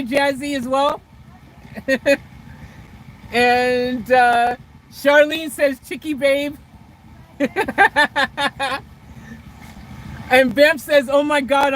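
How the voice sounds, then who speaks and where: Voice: high voice, a bit bright, a little hiss or hum, rough recording. A vlogger chatting casually on a livestream outdoors beside a car, reading out viewer comments in a rambling, hesitant way full of restarts.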